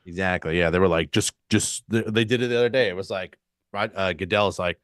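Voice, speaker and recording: A man's voice: deep voice, brisk, fairly bright tone, no echo. A man co-hosting a casual podcast, easygoing and agreeable as he chats. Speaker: podcast co-host. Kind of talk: casual chat.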